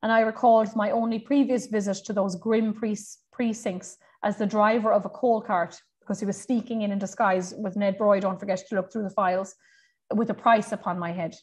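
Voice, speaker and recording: A woman's voice: medium pitch, fairly even intonation, brisk, darkish tone. Woman giving a chatty history lecture. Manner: conversational, reads quotes aloud, frequent fillers and self-corrections.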